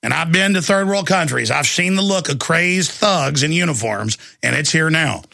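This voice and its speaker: A man hosting a political talk radio show, ranting and shouting with lots of repetition. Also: fairly high pitch, animated, moderate pace, vocal fry, no room sound, clean studio sound.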